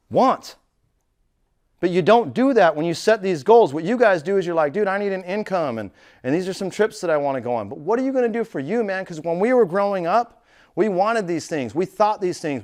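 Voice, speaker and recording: This is a casual motivational talk from a middle-aged real estate coach who tells stories, swears, and keeps saying "dude." He moves back and forth between a low, confiding voice and a loud, excited one.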